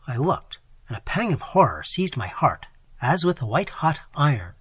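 A man reading a gothic novel aloud in a dramatic, expressive style, his voice strained from long sessions. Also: on the high side, normal speed, breathy edge, dry recording. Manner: dramatic, animated storytelling. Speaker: audiobook narrator.

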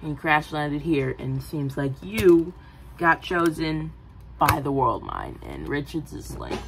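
A woman casually pitching a film idea, rambling with many fillers and giggly asides. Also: big pitch swings, measured pace, background noise. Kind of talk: casual movie-pitch chat.

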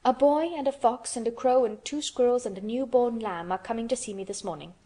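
A woman's voice: a little high, brisk, mellow, close to an everyday voice. Storybook: woman doing a spoiled, imperious boy, lordly and commanding. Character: imperious invalid boy, demanding and excitable.

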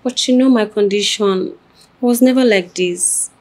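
Breathy, nagging young wife played by a Nigerian actress in a home drama. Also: female voice, medium pitch, moderate pace, darkish tone, natural voice, rough recording. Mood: pleading. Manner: pleading and nagging. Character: pregnant young wife, clingy and needy. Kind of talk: Nollywood film acting.

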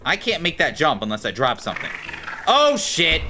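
A man hosting gameplay in voice chat, excitable and jokey, swearing often. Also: medium pitch, quick pace, slight background noise. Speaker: gameplay video host. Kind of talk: gaming voice chat.

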